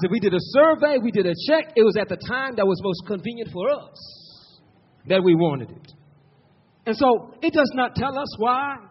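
A man's voice: extremely high pitch, breathy edge. A man preaching a sermon, repeating words for emphasis and calling out to the congregation. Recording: muffled lo-fi sermon recording.

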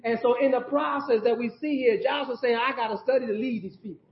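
A man's voice: extremely high pitch, fairly even intonation, fast talker. A man preaching a sermon, speaking in emphatic, repeated phrases and turning to the congregation with call-and-response asides. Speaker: pastor. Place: church sanctuary. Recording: echoey church sound, dull audio.

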